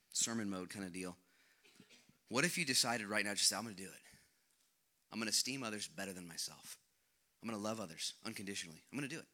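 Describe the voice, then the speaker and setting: Middle-aged male pastor, very bright tone, conversational jokey sermon delivery. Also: on the low side. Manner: energetic, conversational, jokey, with big swings in loudness.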